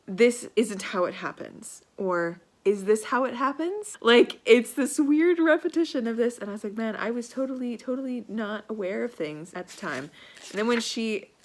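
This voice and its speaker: A woman book vlogger chatting casually and excitedly, rambling and reading passages aloud. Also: medium pitch. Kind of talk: casual reading vlog chat.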